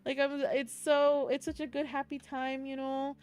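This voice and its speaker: A woman's voice: high-pitched, flat delivery, moderate pace, a little mellow. A young woman streaming casually to her chat, recounting a meetup in an emotional, rambling way, often close to tears and laughing. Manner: emotional, giggly, tearful, rambling with restarts.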